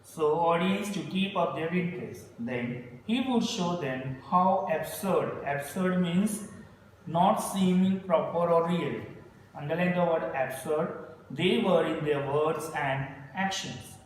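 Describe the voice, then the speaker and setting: A high-voiced man leads a classroom reading lesson. He reads slowly and deliberately, breaking off to define words and repeat instructions. The mic sits far from him in a very echoey room with a long tail of reverb. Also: slight background noise. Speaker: teacher. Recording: echoey distant room recording.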